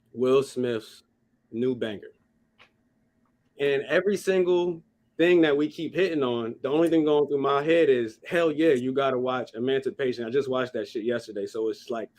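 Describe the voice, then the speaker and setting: A man at a middle pitch talks through a movie on a casual podcast. His delivery is animated and profane, piling on restarts as he gets into the story. It is loose group chat with friends. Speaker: podcast co-host.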